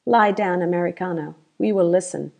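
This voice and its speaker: A woman voicing a grinning Spanish male guard who mocks softly and menaces. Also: on the low side, moderate pace, gravelly, muffled recording. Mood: mocking. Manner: soft-spoken, teasing.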